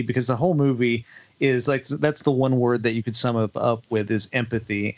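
Man, podcast co-host, blunt, profane, wry, casual chat. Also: mid-range voice. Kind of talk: casual film review chat.

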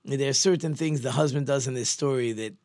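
A man's voice: medium pitch, fairly quick, darkish tone, no room sound, studio quality. A man teaching as a religious teacher, telling a story in an earnest, conversational way with frequent restarts. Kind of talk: storytelling sermon.

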